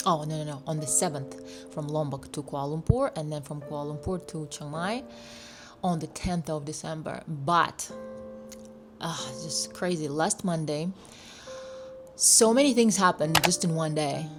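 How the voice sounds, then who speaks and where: A woman's voice: low voice, normal speed, music in the background. Chatty woman vlogger telling a travel story. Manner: animated, acts out voices of people she met. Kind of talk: casual storytelling vlog.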